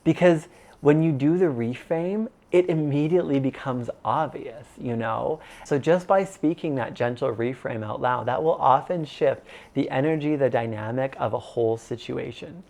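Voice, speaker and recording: A man's voice: mid-range voice, normal speed, gravelly, darkish tone. A man in his thirties teaching an online course in a casual, conversational way, full of "like" and "you know". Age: 30s. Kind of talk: casual instructional talk.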